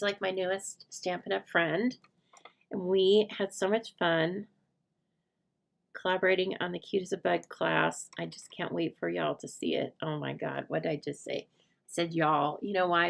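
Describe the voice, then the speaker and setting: A woman's voice: fairly low pitch, creaky. A middle-aged woman hosting a crafting livestream, chatting casually and rambling to her viewers while she works. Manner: chatty, rambling, laughs often, talks to viewers by name.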